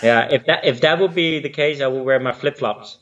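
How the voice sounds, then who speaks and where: A man's voice: mid-range voice, a little fast, fairly bright tone, far from the mic, dull audio. A man born in Spain who speaks with a mixed Spanish and Dutch accent, a choreographer chatting as a guest, often searching for words with fillers. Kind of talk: casual interview chat.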